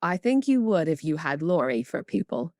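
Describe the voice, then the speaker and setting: Woman doing calm young man tutor, lowish, dry close sound, storybook. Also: fairly quick, no room sound. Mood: earnest. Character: kind, quietly bitter young male tutor.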